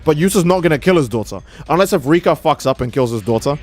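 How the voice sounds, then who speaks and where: A man's voice: fairly high pitch, lively intonation, fast talker, a little mellow, soft background music. A young man streaming a game, rambling and joking with profanity in casual commentary. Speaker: gaming streamer.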